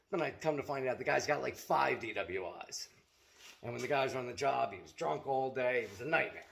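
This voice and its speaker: A man's voice: medium pitch, fairly quick, gravelly, a bit bright. A middle-aged man telling a story in a blunt, profane, casual vlog rant as a seller of self-defense gear.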